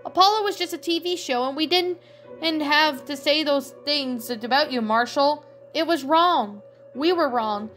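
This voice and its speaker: A woman's voice: high voice, a little slow, a bit bright, soft background music, voice pushed up. A woman voicing an ashamed, tearful young male puppy in a fan fiction reading, with an emotional delivery. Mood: remorseful.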